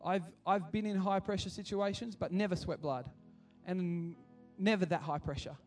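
Man preaching to kids, high voice, casual and rambling, heard from a distance, soft music. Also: steady tone, normal speed. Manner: casual, repeats and restarts, builds to passionate appeals. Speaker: kids church pastor. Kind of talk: sermon. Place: church hall.

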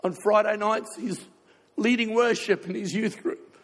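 A man's voice: high voice, steady tone, a little slow, big-room sound. An older man preaching a sermon as a pastor, telling a heartfelt personal story in an emotional way, fighting back tears.

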